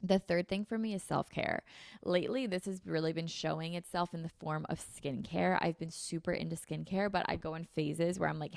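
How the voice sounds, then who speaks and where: A woman's voice: low voice, gravelly, dry recording, clean studio sound. A young woman hosting a solo podcast, talking casually and upbeat with lots of fillers. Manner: chatty, filler-heavy, upbeat self-help talk. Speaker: podcast host. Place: her apartment.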